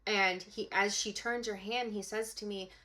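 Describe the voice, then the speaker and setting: A woman's voice: mid-range voice, steady tone, moderate pace, sharp tone. A young woman, a psychic medium, telling a personal story to camera in an emphatic, casual way, full of "like" and "okay?".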